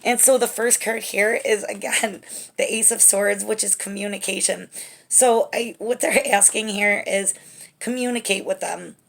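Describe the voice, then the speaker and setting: Gravelly-voiced woman giving a tarot reading. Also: medium pitch, steady tone, measured pace. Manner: gentle, reassuring, often emotional, frequent "okay?". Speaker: tarot reader. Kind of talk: spiritual tarot reading to camera.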